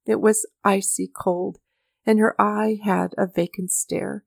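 A woman reading a story aloud as narrator, with measured, mournful storytelling. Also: medium pitch, flat delivery, creaky, dry recording, studio quality. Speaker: audiobook narrator. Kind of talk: scripted narration.

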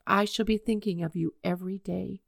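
A woman voicing a kind, patient grown man who is a doctor, speaking quietly and steadily. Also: mid-range voice, fairly even intonation, fairly quick, creaky, dry recording, studio quality. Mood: gentle.

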